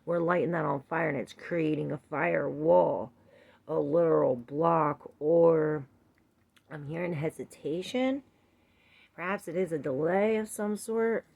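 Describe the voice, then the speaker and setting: A woman's voice: low voice, unhurried, gravelly, a little mellow. A woman doing a tarot reading for viewers, chatting casually and thinking aloud between cards. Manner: rambling, thinking aloud with fillers and laughs. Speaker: tarot reader.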